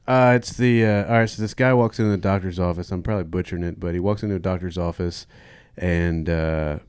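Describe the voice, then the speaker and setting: A man's voice: sits low, steady tone, fairly quick, a little mellow, clear, resonant tone, dry recording. A man co-hosting a podcast in casual, jokey chat, retelling a joke he heard. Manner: laughs often, jokey. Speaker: podcast co-host.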